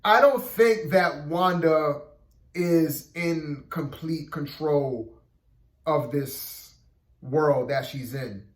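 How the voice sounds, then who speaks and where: A man talks through a TV episode in a loose, rambling review, full of "like" and "you know" and self-restarts. His voice sits fairly high for a man, and the room around him rings with noticeable echo. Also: drawn-out words. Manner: rambling, filler-heavy, keeps saying "you know what I mean". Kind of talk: casual spoken review.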